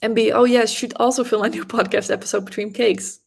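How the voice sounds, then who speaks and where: A young woman from the Netherlands with a Dutch accent, chatting casually on a knitting livestream and answering viewers' comments with quick restarts and soft laughs. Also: fairly high pitch, steady tone, gravelly. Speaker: livestream host, knitting creator.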